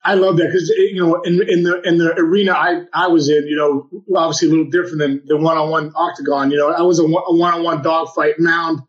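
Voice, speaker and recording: A man's voice: fairly high pitch, flat delivery, quick pace, few pauses, dull audio. A man co-hosting a podcast as a baseball coach, talking with enthusiasm and lots of stumbling restarts. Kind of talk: casual podcast chat.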